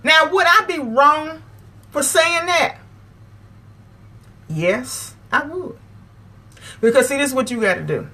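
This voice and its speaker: A woman's voice: high voice, animated, slow pace, long pauses, bright, forceful tone. A woman, hosting her own channel and lecturing her viewers, emphatic and repeating phrases to drive her point home. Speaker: vlog host. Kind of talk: preachy advice talk to camera.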